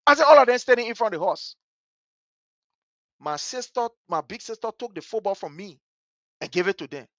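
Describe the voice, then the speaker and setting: A man with a Liberian English accent hosting a talk show. He tells a story with passion, swinging between hushed and loud. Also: sits high, animated, moderate pace, no echo, muffled recording. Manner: vivid, story-driven. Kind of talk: animated radio commentary with storytelling.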